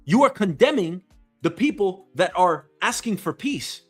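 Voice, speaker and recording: A man's voice: high-pitched, big pitch swings, a little slow, slightly rough, soft background music. A man hosting his own show from home, delivering an angry, profane, emphatic rant. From New York City. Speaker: host. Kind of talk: ranting commentary.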